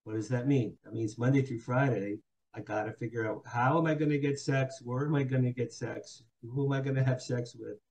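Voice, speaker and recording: A man in his sixties, a podcast guest telling his life story frankly, halting with fillers and repeats. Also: medium pitch, fairly even intonation, a little mellow, low-quality recording. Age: 60s. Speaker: guest, publicist and author. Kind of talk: candid personal storytelling. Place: Hollywood.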